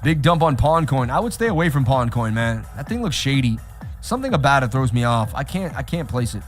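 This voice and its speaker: A man hosting a live trading stream, talking straight to his chat in an animated, repetitive way. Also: mid-range voice, fairly quick, faint music behind. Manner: animated, repeats himself, talks straight to chat. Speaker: livestream host. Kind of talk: casual livestream chat.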